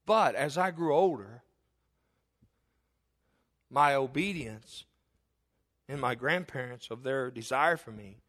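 A man's voice: medium pitch, lively intonation, slow, long pauses, a bit bright. A middle-aged male pastor, preaching a sermon with stories that build to an emphatic, rising delivery.

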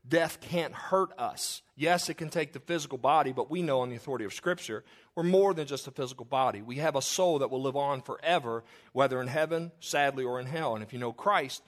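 A man's voice: medium pitch, fairly quick. A man preaching a funeral sermon, reading scripture aloud with earnest emphasis. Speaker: pastor.

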